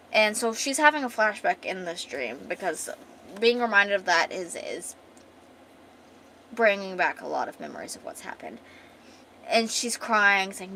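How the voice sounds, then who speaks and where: A woman's voice: medium pitch, expressive, moderate pace, fairly bright tone, slight background noise. A woman streamer chatting casually with viewers while retelling and reading a comic aloud, full of fillers and restarts.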